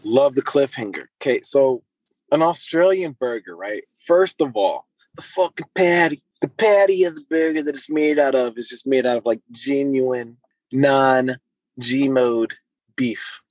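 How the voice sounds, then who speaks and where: Laid-back, swearing co-host on a phone. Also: male voice, mid-range voice, measured pace, darkish tone, no echo, low-quality recording. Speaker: podcast co-host. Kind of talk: casual podcast chat.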